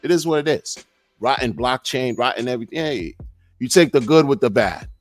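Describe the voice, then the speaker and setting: A man's voice: medium pitch, animated, fairly quick. A middle-aged man hosting a live podcast, rambling loosely and filling his talk with "man" and "you know". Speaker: podcast host. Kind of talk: casual live-stream rambling.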